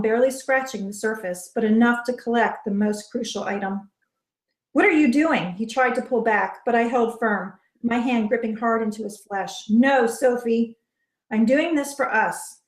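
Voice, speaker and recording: A woman author reading her first-person novel aloud in soft, measured narration. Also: on the high side. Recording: roomy echo.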